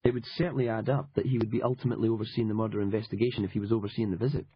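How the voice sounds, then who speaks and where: A man's voice: lowish voice, little pitch movement, slight background noise, close to an everyday voice. A man doing a blunt Scottish newswoman. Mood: sardonic. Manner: blunt, profane, quick. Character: Scottish woman journalist, sharp and sardonic. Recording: dull lo-fi audiobook recording.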